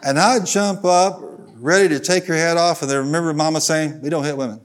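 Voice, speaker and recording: A fairly quick, somewhat high-pitched man, a middle-aged pastor from Southern Illinois, preaches a sermon of stories in a church sanctuary. He's folksy in his telling and asks the congregation to answer back.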